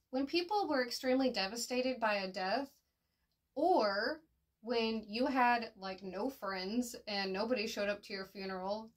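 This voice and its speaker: A chatty woman recapping a story in a casual spoken review. Her voice sits fairly high, and she talks in slang with plenty of fillers. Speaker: manga reviewer.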